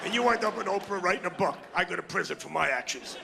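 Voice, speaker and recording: A middle-aged man doing a brash, crude, ranting stand-up comedy routine on stage, with loud outbursts. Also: high voice, lively intonation, quick pace, creaky, heavy background noise. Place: comedy stage before a live audience.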